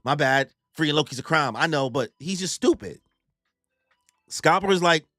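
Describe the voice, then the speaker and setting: A young man with a slightly high, very lively voice recaps a manga chapter in loose slang. He bounces between his own commentary and quick acted-out lines for the characters. The sound is dry and close, with no room around it. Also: dry recording, soft background music. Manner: animated slang-heavy storytelling, acting out character quotes. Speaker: YouTube manga reactor. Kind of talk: casual manga recap and reaction.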